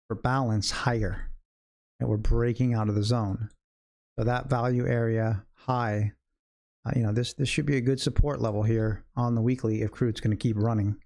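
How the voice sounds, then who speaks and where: This livestream host and day trading educator has a mid-range, darkish voice. Broadcasting a live trading session, he reasons aloud in easygoing sentences and talks directly to his chat.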